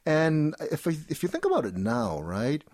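A man's voice: on the high side, huge pitch swings, moderate pace, darkish tone, no echo, studio quality. A man talking as a guest in an interview, explaining an artist's work with many fillers and frequent "right?" check-ins. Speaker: art commentator guest. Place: studio in Seoul.

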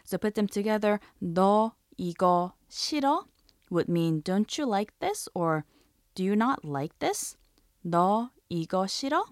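A woman hosts a language lesson in a clear, deliberate, scripted manner, saying each example phrase slowly, then repeating it. Her voice sits at a middle pitch. The recording is dry and close, with no room sound. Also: dry recording. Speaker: host.

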